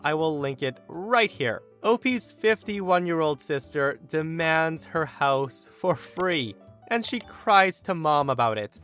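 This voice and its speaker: A man hosting a podcast, reading internet stories aloud in an animated, expressive way with his own comments. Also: a little high. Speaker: story narrator and podcast host.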